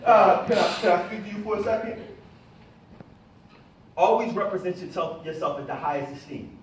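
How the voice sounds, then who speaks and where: A middle-aged man giving an animated motivational talk to a live audience and calling on them to answer. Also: high-pitched, normal speed, slight background noise. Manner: animated, calls on the audience for responses. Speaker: motivational speaker. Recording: echoey room, voice from a distance.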